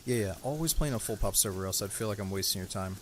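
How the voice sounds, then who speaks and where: A game streamer, a man with a fairly low voice, talks through his session in a relaxed, rambling way. He thanks viewers and chats with teammates, and a faint hiss sits under his voice. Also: quick pace. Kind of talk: casual live-stream chat while playing.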